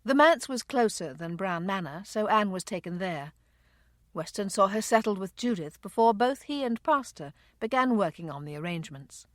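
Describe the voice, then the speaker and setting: A woman narrating a romance audiobook in a measured, unhurried way. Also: mid-range voice, lively intonation, no room sound, studio quality. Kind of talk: scripted narration.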